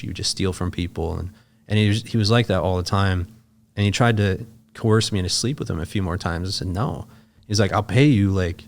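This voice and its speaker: A man's voice: deep voice, clear, resonant tone. A young man, a podcast guest, telling a personal story in casual talk, emotional and profane, acting out the other people's lines as he goes. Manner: emotional, profane, animated retelling with quoted dialogue.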